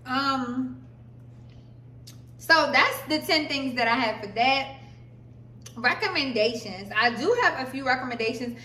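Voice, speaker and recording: A young woman with a high, bright voice chats casually through vlog advice, calling her viewers "y'all". She sits a little back from the mic, and the room around her rings with echo. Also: a little hiss or hum. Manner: chatty, addresses viewers as y'all. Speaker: vlogger. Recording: echoey room, voice a bit far from mic.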